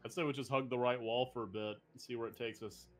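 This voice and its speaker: A man's voice: medium pitch, steady tone, fast, faint music behind. A man playing a tabletop game, chatting casually and joking with the table. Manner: joking, laid-back. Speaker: player.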